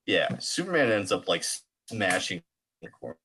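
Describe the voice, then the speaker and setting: Low-voiced laid-back man chatting. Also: very animated, moderate pace, bright, forceful tone, a little hiss or hum. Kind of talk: casual comedic chat.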